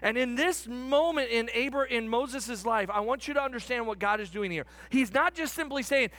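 A man's voice: extremely high pitch, moderate pace, few pauses, bright, forceful tone, no room sound, faint music behind. A man preaching a sermon in an earnest way, stretching words for emphasis.

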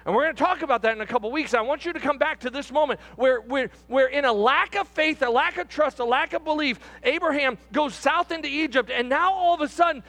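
A man's voice: very high voice, fast, hardly any pauses, bright, forceful tone. A middle-aged male pastor giving a conversational sermon, repeating phrases and asking the congregation questions.

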